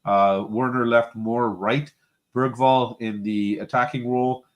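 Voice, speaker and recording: A man's voice: medium pitch, steady tone, measured pace. A man hosting a casual football live stream, reading out viewer comments and bantering with his co-hosts. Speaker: host.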